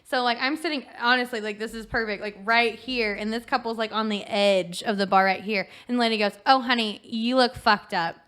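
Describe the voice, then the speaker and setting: A woman's voice: fairly high pitch, a little fast, hardly any pauses, clean tone. A young woman, a podcast guest, telling a story in casual chat, acting out what people said and filling her talk with "like". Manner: animated, acts out quotes, many "like" fillers.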